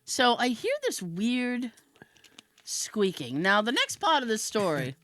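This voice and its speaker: A woman hosting a podcast, telling a comic story in a casual, animated way and laughing often. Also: a little high, takes it slowly, no echo. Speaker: podcast host.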